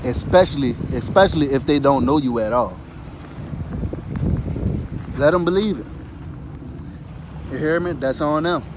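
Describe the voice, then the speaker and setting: A man's voice: on the high side, expressive, a little slow, pauses often, background noise. A man talking casually and loosely about spirituality, dropping "you hear me" after nearly every phrase and swearing freely. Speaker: spiritual talker. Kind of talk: casual monologue.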